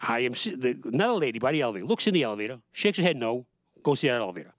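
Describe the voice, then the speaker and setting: A man's voice: mid-range voice, sing-song, very fast, no room sound. A man doing a rambling, sarcastic stand-up comedy routine, acting out the people he quotes. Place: small studio.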